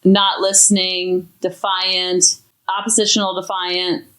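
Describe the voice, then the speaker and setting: A woman's voice: lowish voice, completely flat delivery, takes it slowly, a bit bright. A woman hosting a parenting podcast, talking in an emphatic, enthusiastic way. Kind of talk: podcast talk.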